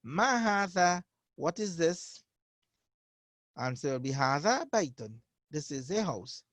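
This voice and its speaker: A man's voice: a little high, sing-song, a bit bright, no echo. Patient male teacher drilling phrases. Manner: patient, repeats each phrase slowly for learners. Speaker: Arabic teacher. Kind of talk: online beginner language lesson.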